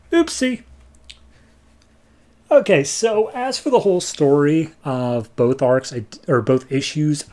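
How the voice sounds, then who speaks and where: A man's voice: mid-range voice, darkish tone. A man co-hosting a podcast, retelling a comic story in a rambling, filler-heavy casual way. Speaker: podcast co-host. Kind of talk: casual comic book recap.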